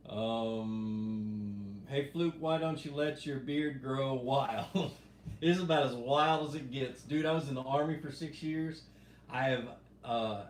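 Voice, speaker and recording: Relaxed man chatting in an echoey room. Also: medium pitch. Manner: relaxed, rambling, reads viewer questions aloud. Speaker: fishing show host answering live chat. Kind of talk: casual live-stream chat. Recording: echoey room with faint background hum.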